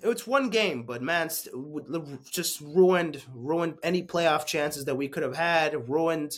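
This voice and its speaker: A man's voice: fairly high pitch, takes it slowly, slightly rough. A young man hosting a casual sports recap, ranting with lots of swearing, heated one moment and muttering in defeat the next. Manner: ranting, profane, swings from heated to deflated mutters.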